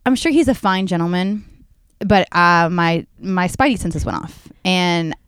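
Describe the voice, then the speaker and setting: A woman's voice: lowish voice, unhurried, clean tone, no echo, studio quality. A woman co-hosting a casual chat show, talking in a chatty way and wandering off on tangents.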